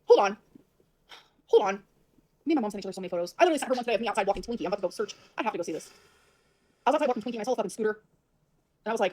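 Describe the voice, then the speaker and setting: A woman's voice: medium pitch, animated, very fast, long pauses, darkish tone. A woman on a livestream, rambling to her viewers in a flustered way and swearing a lot.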